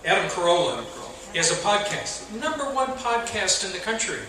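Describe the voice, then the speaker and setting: A man on a panel giving advice in an animated way, listing examples. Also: high voice, normal speed, crowd noise. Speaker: panelist, radio professional. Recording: echoey hall, recorded from far off.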